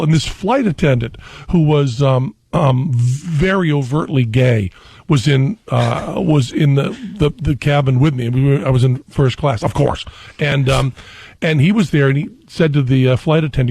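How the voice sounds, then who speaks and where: A middle-aged man, a guest on a talk radio show, telling rambling, animated stories on a studio mic. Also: mid-range voice, moderate pace, vocal fry, slightly rough, no room sound.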